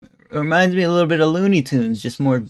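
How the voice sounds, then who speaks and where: Young guy streamer, slangy and halting, very dry close mic. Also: on the high side, expressive, dry recording. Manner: rambling, slangy, hesitant. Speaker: streamer reacting to a video. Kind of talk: casual reaction commentary.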